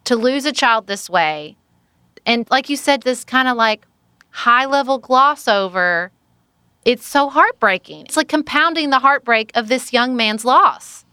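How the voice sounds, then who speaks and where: A woman's voice: fairly high pitch, lively intonation, unhurried, sharp tone, smooth, no room sound, studio quality. A woman guest on a book-review podcast, speaking earnestly and emphatically. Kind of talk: casual book-review chat.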